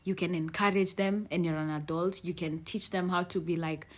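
A young woman, hosting a podcast in frank, animated casual chat and swearing freely. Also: on the low side, moderate pace. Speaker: podcast host.

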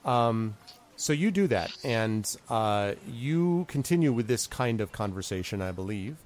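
A man's voice: lively intonation, measured pace, a little mellow. A man narrating a tabletop role-playing game as game master, with many ums and asides. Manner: rambling, lots of ums, pitches up for quoted characters.

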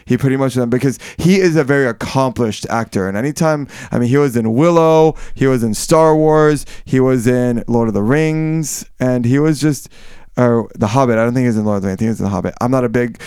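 A man's voice: mid-range voice, fairly quick, a little mellow, clear, resonant tone, no room sound, clean studio sound. A man co-hosting a casual book-discussion podcast, rambling with frequent restarts and self-corrections. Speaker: podcast co-host.

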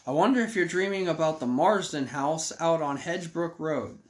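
A man reading the lines of a gruff veteran police detective in a tabletop story game, speaking bluntly and matter-of-factly. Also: fairly high pitch, moderate pace, close to an everyday voice.

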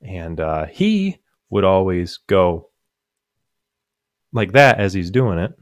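A man's voice: low voice, big pitch swings, slow pace, no room sound, studio quality. A young man on a podcast, telling rambling stories with lots of fillers and restarts, often laughing at his own punchlines. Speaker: podcast co-host. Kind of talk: casual chat.

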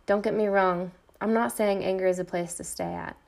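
Brief: middle-aged woman host, gravelly voice, intense monologue with repeated refrains. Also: mid-range voice, fairly even intonation, moderate pace, a little mellow. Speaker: podcast host. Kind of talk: personal monologue, read from a script.

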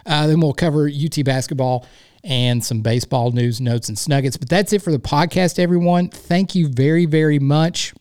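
A man's voice: a little high, moderate pace, clear, resonant tone. A man hosting a solo sports podcast, rambling in a folksy, playful way. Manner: rambling, folksy and playful, warmly effusive sign-off. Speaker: podcast host. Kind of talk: casual solo podcast monologue.

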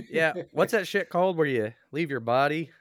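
A man's voice: on the high side, lively intonation, moderate pace, no echo. A man hosting a podcast, swearing constantly and laughing often, with a sore throat. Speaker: podcast host. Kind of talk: crude casual chat.

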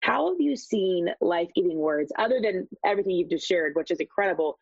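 A woman's voice: lowish voice, animated, fairly quick, breathy edge, no room sound. A woman hosting an interview, affirming and enthusiastic as she responds to her guest. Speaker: podcast host. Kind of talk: conversational interview. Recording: dull, dry sound.

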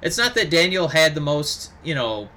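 A man co-hosting a podcast in casual chat, talking animatedly and breaking into excited impressions. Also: on the high side, moderate pace, a little hiss or hum. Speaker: podcast co-host.

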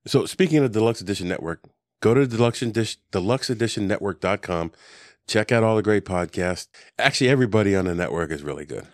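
Low-voiced rambling male podcast host. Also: lively intonation, fast, no echo, clean studio sound. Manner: rambling, jokey, lots of ums. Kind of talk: casual chat. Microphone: desk podcast mic.

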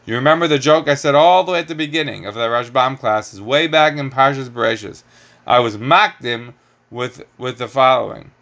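A man's voice: medium pitch, moderate pace, a bit bright. A middle-aged man teaching a Torah class, lecturing with rhetorical questions and lots of Hebrew terms.

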